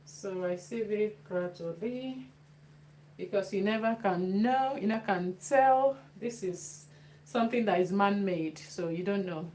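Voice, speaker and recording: A woman's voice: medium pitch, unhurried, darkish tone. A woman chatting through a cooking demonstration in her home kitchen, repeating phrases as she works. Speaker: cooking vlogger. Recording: noisy kitchen with clicks.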